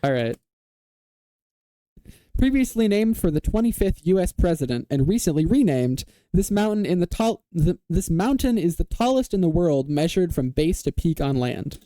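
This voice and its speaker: A man hosting a casual online quiz game, reading clues aloud and confirming answers with a quick "yes, sir". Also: sits high, very animated, mellow, no echo. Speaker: quiz show host.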